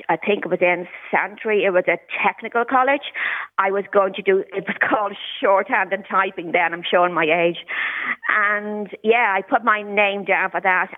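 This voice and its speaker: A woman, a caller on a radio phone-in, talking candidly with occasional stuttered repetitions. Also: mid-range voice. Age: 60s. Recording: tinny phone line.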